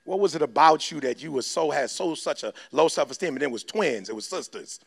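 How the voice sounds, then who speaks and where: A man's voice: on the high side, expressive, brisk, gravelly. A man giving a fiery motivational speech, lecturing his listeners in slangy street talk. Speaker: motivational speaker.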